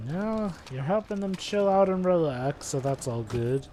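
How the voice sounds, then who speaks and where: A man's voice: a little high, lively intonation, a little slow, dark tone, slight background noise. A man co-hosting a let's play, joking sardonically in casual banter. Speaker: co-host. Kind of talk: casual banter over gameplay.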